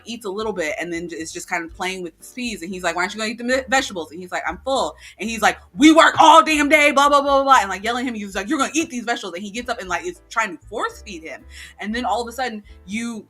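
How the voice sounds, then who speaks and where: A woman co-hosting a casual chat podcast, retelling a story with lots of fillers and acted-out quotes. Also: on the low side. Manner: animated storytelling, acting out quotes. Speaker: podcast co-host.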